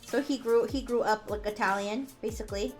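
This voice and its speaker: High-voiced chatty woman streamer. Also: fairly even intonation, faint music behind. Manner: chatty and rambling, quick laughs, frequent restarts. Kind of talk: casual chat while drawing on stream.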